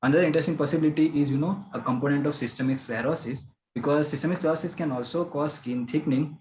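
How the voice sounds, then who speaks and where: A man's voice: a little high, darkish tone, a little hiss or hum, low-quality recording. A man thinking aloud through possible diagnoses in a case discussion, often saying "you know". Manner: rapid, with frequent "you know" fillers.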